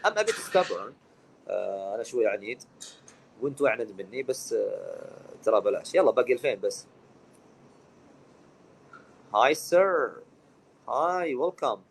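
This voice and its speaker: Brief: upbeat man, Arabic-speaking English teacher, quick-paced live lesson host. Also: medium pitch, animated, gravelly, husky, rough recording.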